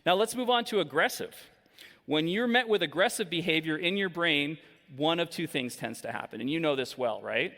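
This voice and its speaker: A man in his forties giving an energetic, interactive keynote talk from a large stage, quizzing the audience. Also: fairly high pitch, normal speed. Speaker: keynote speaker. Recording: long hall reverb.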